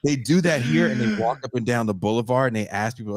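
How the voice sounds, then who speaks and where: A man hosting a podcast, joking and laughing through casual comedic chat. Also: medium pitch. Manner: joking, animated, quick to laugh. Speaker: podcast host.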